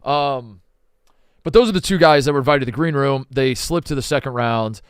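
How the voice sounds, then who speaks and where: Male co-host, casual rambling sports talk, clean smooth tone. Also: mid-range voice, brisk, no echo, clean studio sound. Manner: rambling, laughs easily, repeats himself. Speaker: podcast co-host.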